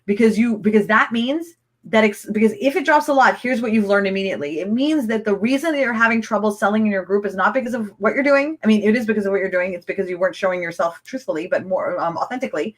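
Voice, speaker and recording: A woman coaching a live-streamed training, chatty and excitable, rambling with restarts as she answers viewer comments. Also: mid-range voice, quick pace. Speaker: online business coach.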